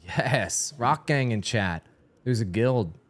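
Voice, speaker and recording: A man hosting a game showcase livestream, joking loudly and mock-excited in casual banter with a guest. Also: mid-range voice, slow pace. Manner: loud, goofy, mock-excited. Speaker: host.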